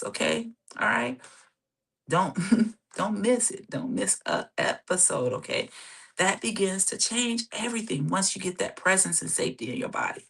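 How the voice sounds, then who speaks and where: A woman's voice: mid-range voice, vocal fry, fairly bright tone, breathy edge. A woman therapist hosting her own show, teaching and leading a guided exercise, checking in with listeners again and again. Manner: repetitive, checks in often with "okay?".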